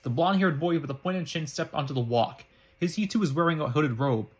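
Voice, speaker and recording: Guy reading a fan story out loud, husky, rushes, keeps tripping on words. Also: on the high side. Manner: halting, frequent restarts and slips. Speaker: reader.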